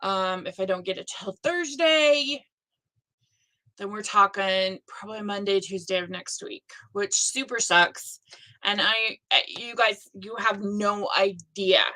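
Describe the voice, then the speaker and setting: A woman's voice: medium pitch, unhurried, bright, forceful tone, rough recording. A middle-aged woman hosting a live stream about a stitching challenge, chatting casually and rambling with self-deprecating asides.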